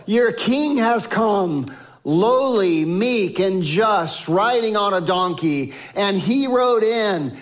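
A man preaching a sermon, emphatic, swinging from exclamations to hushed tones. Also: high voice. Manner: acts out quoted speech of biblical figures.

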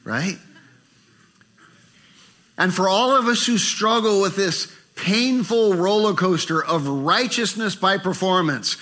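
An older man preaching a sermon, animated and acting out inner voices with rising pitch. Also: slow pace. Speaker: pastor.

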